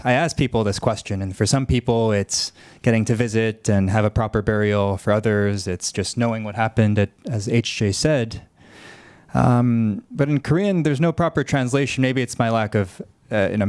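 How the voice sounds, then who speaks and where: Clear-voiced man reflecting on a panel. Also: lowish voice, darkish tone, no echo. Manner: reflective, halting with fillers. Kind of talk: panel discussion remarks.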